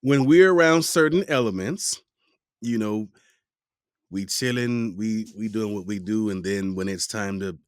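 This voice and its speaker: Slow, easygoing male podcast host. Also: lowish voice, clean tone, dry recording, clean studio sound. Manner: relaxed, chatty, uses casual slang. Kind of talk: casual interview conversation.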